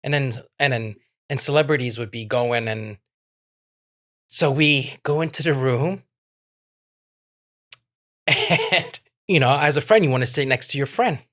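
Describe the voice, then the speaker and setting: Rambling, giggly podcast storyteller. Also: male voice, mid-range voice, unhurried, long pauses, fairly bright tone. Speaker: podcast co-host. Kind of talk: casual chat, telling a story.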